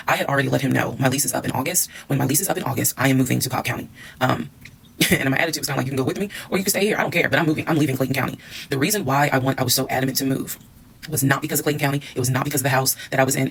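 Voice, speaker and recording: A woman's voice: rumbling low, creaky, husky, poor audio. A woman telling a personal story to her followers, candid and blunt, swearing and acting out what people said. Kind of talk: storytime monologue.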